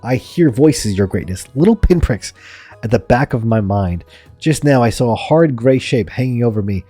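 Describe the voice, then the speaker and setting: A man's voice: medium pitch, lively intonation, normal speed, mellow, slightly rough, soft background music. A man voicing a frightened male noble chief who talks in a panicky, pleading way. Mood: fearful.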